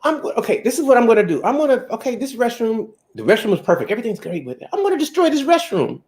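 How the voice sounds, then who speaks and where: A man hosting a casual chat, telling jokey, animated stories. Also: sits high, very fast. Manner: animated, joking storyteller. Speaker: host.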